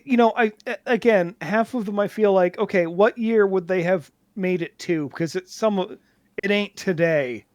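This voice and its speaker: High-voiced man bantering on a podcast. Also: dry recording. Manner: halting, full of restarts and fillers, deadpan joking. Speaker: podcast co-host.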